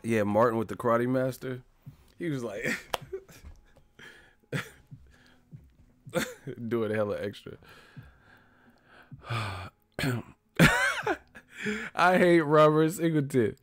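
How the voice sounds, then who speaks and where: A man hosts a casual livestream chat, talking in slang, laughing often, and doing mock voices of movie characters. His voice is mid-range, and he goes slowly with long pauses. There is no room sound.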